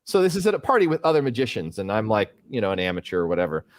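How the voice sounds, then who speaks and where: A man's voice: on the low side, sing-song, rapid-fire, no room sound. A middle-aged man hosting a casual live stream, thinking aloud as he works, rambling with fillers. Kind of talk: casual livestream chat while working.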